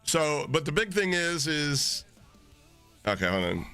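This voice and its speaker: A man streaming live, chatting casually with his viewers, swearing freely and getting excited as he reacts to chat. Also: a little high, measured pace, clear, resonant tone, dry recording, soft background music.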